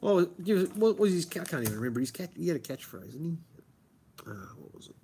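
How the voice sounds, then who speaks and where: A man's voice: fairly high pitch, very animated, brisk, creaky, dark tone, a little hiss or hum. A man with a broad Australian accent, chatting and rambling casually as a stream host, swearing freely and calling everyone mate. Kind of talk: casual chat.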